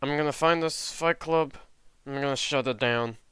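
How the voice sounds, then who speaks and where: A man voicing a determined young hero who talks quietly to himself. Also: mid-range voice, moderate pace, clean tone, no echo, natural voice. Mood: resolute. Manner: muttering to himself.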